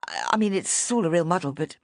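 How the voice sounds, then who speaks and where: A woman's voice: lowish voice, expressive, a little fast, dry recording, clean studio sound. A woman reading an audiobook voices a nervous florist who over-explains politely. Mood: flustered. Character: nervous flustered female florist, polite and apologetic. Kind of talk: audiobook character voice.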